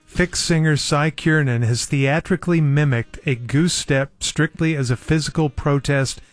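A man's voice: on the high side, moderate pace, no echo, soft background music. A man co-hosting a casual talk show, reading things out and groaning at the gross parts. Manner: reads out search results, reacts with groans. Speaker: podcast co-host. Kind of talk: casual chat.

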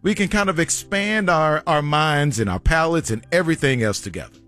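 A man, talking in a relaxed co-host chat. His pitch swings widely as he acts out quoted lines in his stories. Faint music plays underneath. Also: fairly quick. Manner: storytelling, animated quoted asides. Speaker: podcast co-host. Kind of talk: casual chat.

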